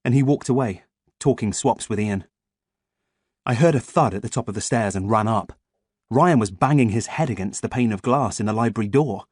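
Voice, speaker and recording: A man reading an audiobook as first-person scripted narration, in a lively, expressive way. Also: fairly low pitch, moderate pace, husky, no echo, studio quality.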